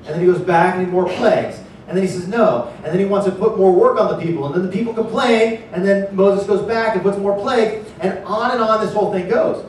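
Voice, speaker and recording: Pastor preaching in an echoey church. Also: male voice. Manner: animated, acts out panicked voices in a raised pitch. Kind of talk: sermon. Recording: echoey church hall, distant mic, faint noise.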